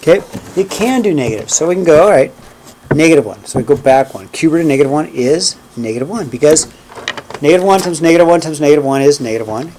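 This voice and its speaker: A man with a slightly high, slightly mellow voice teaches a math class, animated and fast, with slight background noise. He counts points and steps aloud while graphing, often checking in with "okay?" and "right?" during the lecture.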